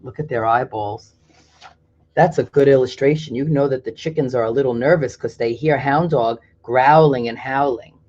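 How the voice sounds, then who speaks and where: A reader reading a picture book aloud, often pausing to chat about the pictures. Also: medium pitch, a little mellow, dull audio, a little hiss or hum. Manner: pauses to explain pictures in a chatty aside. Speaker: storybook reader.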